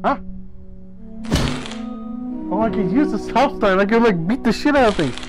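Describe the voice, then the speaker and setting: Jumpy, swearing young gamer, high voice. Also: male voice, animated, moderate pace, over music, low-quality recording. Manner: jumpy, swears a lot, shrieks when scared. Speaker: gaming streamer. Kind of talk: solo horror game commentary.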